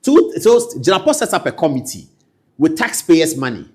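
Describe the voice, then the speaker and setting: A man with a Ghanaian accent giving political commentary, animated and swinging between loud outbursts and low asides. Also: moderate pace, slightly rough.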